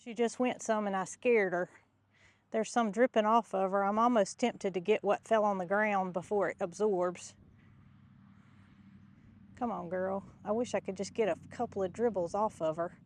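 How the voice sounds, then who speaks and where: A middle-aged woman, chatting excitedly to viewers in a vlog while walking in a pasture, a little out of breath. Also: mid-range voice, normal speed. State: slightly out of breath. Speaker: farm vlogger. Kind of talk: casual vlog narration. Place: outdoors in a pasture.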